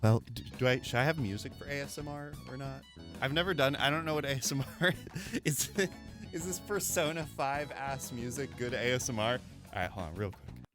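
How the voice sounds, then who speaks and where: A man's voice: medium pitch, over music. A man streaming a video game, chatting casually in a jokey, rambling way. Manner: jokey, rambling, quick laughs. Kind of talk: casual gameplay commentary.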